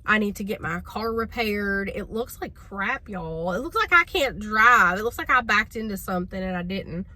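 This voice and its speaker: A woman's voice: mid-range voice, lively intonation, moderate pace, hardly any pauses, bright, forceful tone. A woman telling a story to her viewers in a chatty, exasperated way. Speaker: vlogger. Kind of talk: casual storytelling to camera.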